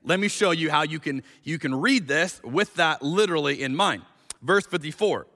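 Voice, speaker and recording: A male pastor preaching a sermon in a conversational, animated way, reading scripture slowly and with emphasis. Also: on the high side, long reverb tail.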